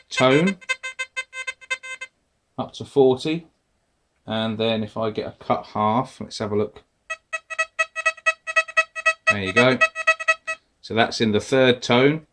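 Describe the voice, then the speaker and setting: A man casually walking through device settings step by step, talking as he presses buttons. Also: fairly low pitch. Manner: relaxed, explains step by step while pressing buttons. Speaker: metal detecting tutorial host. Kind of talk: casual instructional walkthrough.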